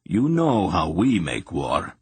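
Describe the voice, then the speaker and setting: A man's voice: deep voice, wildly swooping pitch, slow pace, darkish tone, husky, heavily acted. A man reading the lines of a blunt warrior king in an audiobook.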